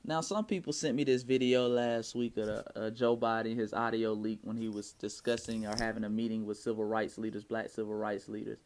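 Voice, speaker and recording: A man's voice: lowish voice, steady tone, brisk, few pauses, a little mellow, slight background noise. A man with an Atlanta Southern accent giving impassioned, preachy reaction commentary in heavy slang. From Atlanta, Georgia. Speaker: vlogger.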